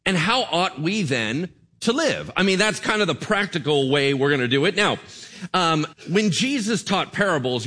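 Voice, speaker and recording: A man preaching a sermon to his congregation, conversational and animated, often checking in with the crowd. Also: fairly high pitch. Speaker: pastor.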